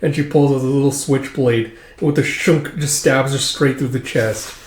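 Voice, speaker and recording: A man's voice: medium pitch, steady tone, normal speed, slight background noise. A man recapping a manga in a loose, chatty way, full of fillers. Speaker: manga reader and reviewer. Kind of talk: casual reading narration. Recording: roomy echo.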